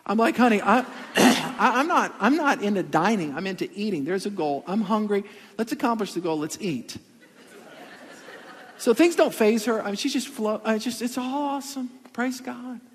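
A man preaching a sermon as a pastor, telling a story in an animated way with comic asides. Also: high voice, moderate pace, breathy edge, a faint crowd. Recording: long hall reverb.

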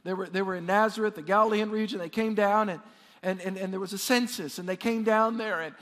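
A man preaching a sermon, lively and repetitive, calling on the congregation to answer back. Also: sits high, fairly quick, in a large hall. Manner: animated, repeats words, calls on congregation to respond. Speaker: pastor.

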